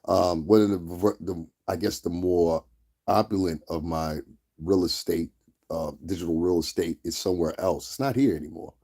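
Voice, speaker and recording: A man's voice: low voice, fairly even intonation, normal speed, warm tone. A man hosting a livestream, delivering a blunt, heated rant full of profanity and repeated check-ins with his viewers. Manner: blunt, heated, profane, repeats "you understand what I'm saying". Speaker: livestream host.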